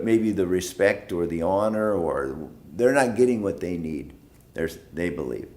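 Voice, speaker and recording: A man leading a church Bible study, who talks slowly and repeats phrases for emphasis. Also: deep voice, animated, a little mellow. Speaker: pastor.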